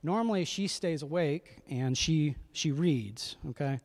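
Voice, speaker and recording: A man's voice: a little high, expressive, measured pace, a little mellow. A man in his thirties, a pastor telling a family story in a conversational sermon, often checking in with his listeners.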